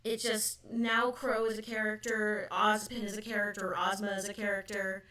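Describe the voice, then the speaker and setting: A woman's voice: mid-range voice, flat delivery, moderate pace, sharp tone. A woman on a fan discussion stream, laying out her points in an analytical, thoughtful way. The sound is roomy and she is heard from some distance. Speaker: podcast co-host.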